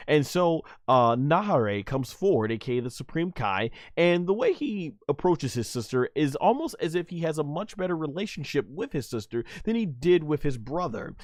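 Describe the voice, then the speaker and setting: Man, mid pitch, casual animated episode reviewer, lots of ums and restarts, dry close sound. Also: dry recording. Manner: animated, laughs often, many fillers and restarts.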